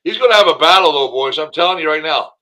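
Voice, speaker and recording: A man's voice: on the high side, animated, fast talker, pushed and bright, low-quality recording. A man talking football as a guest on a sports talk show, emphatic and enthusiastic, rambling with fillers. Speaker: guest, former football player and commentator.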